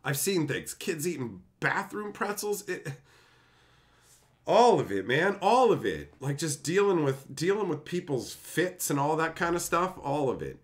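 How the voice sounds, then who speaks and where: A man's voice: on the high side, very animated, unhurried. A man hosting a live stream, telling stories in a ranting, profane, laughing way. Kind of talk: casual storytelling on a live stream.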